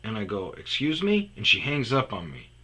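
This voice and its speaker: A man's voice: fairly low pitch, very animated, brisk, pushed and bright, breathy edge. A man telling a rambling comedic story about a phone call, often dropping into muttered asides. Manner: rambling, restarts, drops to muttered whispers.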